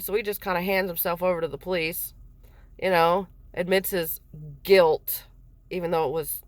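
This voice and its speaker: A woman's voice: lowish voice, normal speed, dry recording. A mother telling a personal story in a casual, rambling way, swearing freely.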